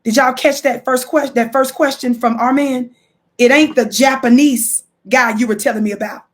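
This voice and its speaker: A woman's voice: high voice, fairly even intonation, moderate pace. A woman hosting a livestream, reading passages from a book and stressing key points for her viewers. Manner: emphatic, addresses viewers directly, repeats key quotes. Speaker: livestream host. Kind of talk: live commentary reading from a book.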